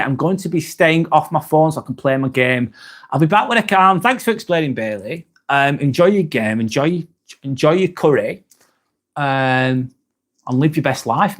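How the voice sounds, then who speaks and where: A man hosting a live stream, chatting casually, reading viewer comments aloud and swearing now and then. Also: on the high side.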